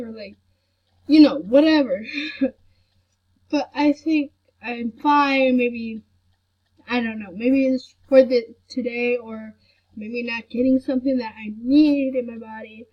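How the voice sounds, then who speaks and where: Sick young-sounding woman vlogger, slightly high, slow soft rambling delivery. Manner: soft-spoken, rambling with many fillers. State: sick with a headache. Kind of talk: casual chat to camera. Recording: dull lo-fi recording.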